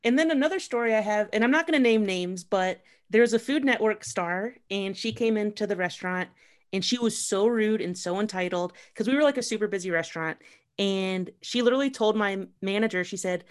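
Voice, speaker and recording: Woman podcast host, former server, casual chat, mid-pitched voice, agreeable and talkative. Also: a little fast.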